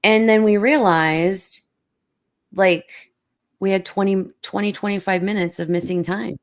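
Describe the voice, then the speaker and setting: A middle-aged woman hosting a casual chat, telling a story with many restarts and acting out quotes in a higher voice. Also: fairly even intonation, a little slow. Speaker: host.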